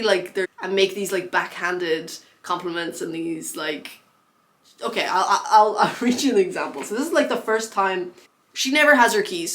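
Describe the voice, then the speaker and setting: A woman's voice: lowish voice, fairly bright tone. A young adult woman chatting casually about books as a vlogger, with many fillers and frequent laughs. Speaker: book vlogger. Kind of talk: casual book chat.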